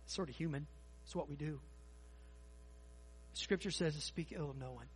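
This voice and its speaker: A man preaching a sermon, folksy and animated with quick asides to the congregation. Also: fairly high pitch, a little hiss or hum. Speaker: pastor. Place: church sanctuary.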